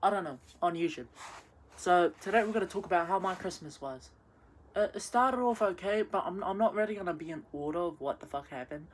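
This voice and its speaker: A woman's voice: lowish voice, lively intonation, a little fast. Drunk young woman rambling a messy rant. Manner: incoherent, rambling, many restarts and swearing. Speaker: vlogger.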